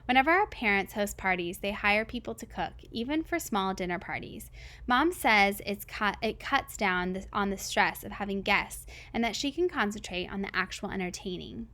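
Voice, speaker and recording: A woman reading a novel aloud in first person, in a steady, plain way with the odd small slip. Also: mid-range voice, moderate pace. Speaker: reader.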